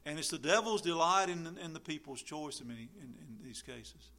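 Guy preaching a sermon, bright slightly high voice, acts out little scenes. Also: moderate pace. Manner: animated preaching, acts out quoted people. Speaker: pastor.

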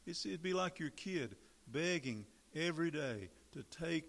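A man's voice: a little high, lively intonation, slow, pauses often, a bit bright. A man preaching a sermon in a conversational way, acting out little quoted exchanges and asides as he explains the text. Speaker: pastor.

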